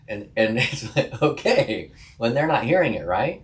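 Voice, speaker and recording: A man's voice: mid-range voice, very animated, moderate pace, hardly any pauses. A man, a counselor co-hosting a podcast, talking casually, laughing often and restarting sentences. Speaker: podcast co-host, licensed counselor.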